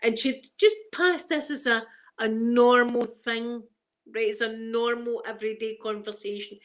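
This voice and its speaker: Middle-aged glasgow woman chatting away to her viewers, laughs a lot, broad scots. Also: a little high. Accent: Glaswegian. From Scotland. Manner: chatty, laughs often, strong Scots phrasing. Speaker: ASMR livestream host. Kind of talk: casual chat with viewers.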